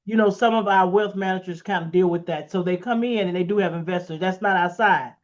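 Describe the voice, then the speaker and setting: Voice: medium pitch, brisk. Interview host on muffled lo-fi audio. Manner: encouraging, frequent backchannel affirmations. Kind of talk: conversational interview.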